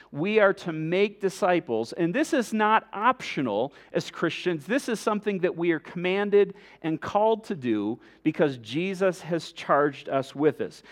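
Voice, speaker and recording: High-voiced pastor preaching earnestly. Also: male voice. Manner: earnest, emphatic preaching with measured pauses. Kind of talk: sermon.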